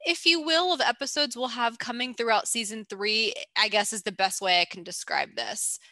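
A woman co-hosting a casual podcast, upbeat and quick to laugh. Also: a little high, bright, forceful tone, no room sound. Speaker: podcast co-host. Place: DC area.

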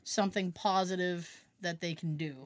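A woman's voice: on the low side, fairly even intonation, normal speed, no room sound. A woman co-hosting a podcast, chatting casually, laughing often and rambling through explanations. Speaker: podcast co-host. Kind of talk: casual chat.

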